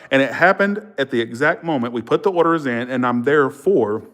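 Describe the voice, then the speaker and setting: A man, a tarot reader hosting a livestream, telling stories with feeling and swearing freely. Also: medium pitch. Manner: animated, emotional, swears freely; thanks viewers warmly and repeatedly. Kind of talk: casual livestream storytelling.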